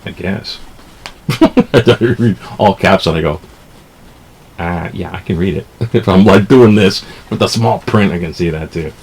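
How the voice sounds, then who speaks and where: A man's voice: deep voice, measured pace, darkish tone, slightly rough. A man casually reading newspaper stories aloud, rambling into jokey asides and stumbling over words as he reads.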